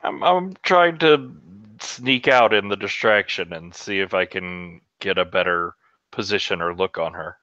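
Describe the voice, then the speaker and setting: A man playing in a tabletop game, talking casually and hesitantly with halting restarts. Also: low voice, sharp tone, no echo. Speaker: player. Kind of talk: casual in-character chat. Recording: dull, lo-fi dry mic.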